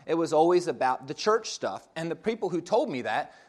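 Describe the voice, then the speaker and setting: A man's voice: a little high, very animated, brisk. A man casually telling his personal story in a wry, self-mocking way.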